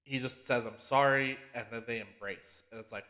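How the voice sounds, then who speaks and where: A man hosting a podcast, recapping a TV series in an excitable, profane, animated way and often restarting his sentences. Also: mid-range voice, brisk. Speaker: podcast host.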